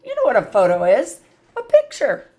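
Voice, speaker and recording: A woman's voice: on the high side, huge pitch swings, normal speed, dark tone. A woman tutoring phonics, patiently sounding out letters and words, with chatty asides of "yep" and "mm-hmm". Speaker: reading tutor. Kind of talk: phonics lesson.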